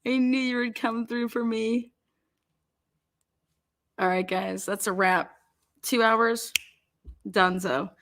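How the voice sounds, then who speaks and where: A woman's voice: a little high, slow pace, long pauses, fairly bright tone. A woman hosting a true crime live stream, chatting casually, laughing often and swearing loosely.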